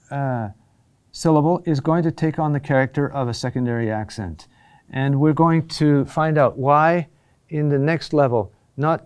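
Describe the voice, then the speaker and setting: A man teaching a recorded lesson on Latin chant, explaining patiently and often checking in with a quick "huh?". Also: mid-range voice, a little mellow, clear, resonant tone.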